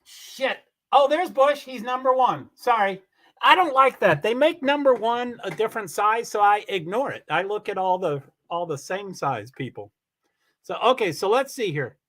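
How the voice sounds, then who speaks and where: A man hosting a livestream, giving rambling, chatty commentary on a car race and swearing when he gets excited. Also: high voice, moderate pace. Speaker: livestream host. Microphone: computer mic on a streaming call.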